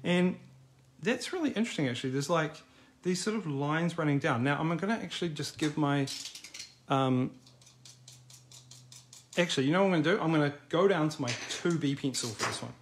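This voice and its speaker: A man's voice: a little high, expressive, brisk, long pauses, a little hiss or hum. A middle-aged man teaching a live online drawing class in a casual, encouraging, chatty way. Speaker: art teacher.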